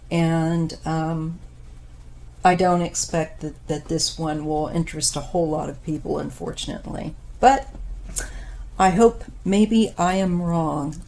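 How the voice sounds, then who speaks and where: Slow, low-voiced woman in her fifties. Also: darkish tone. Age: 50s. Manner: unhurried, thoughtful, with frequent pauses and fillers. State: losing her voice. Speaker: tarot reader. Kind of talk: casual tarot reading monologue.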